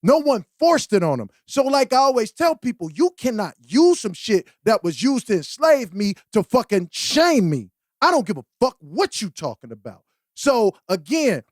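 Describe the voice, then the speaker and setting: A man's voice: extremely high pitch, sing-song, moderate pace, no echo, clean studio sound. A man co-hosting a podcast in casual chat, blunt, profane and impassioned. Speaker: podcast co-host.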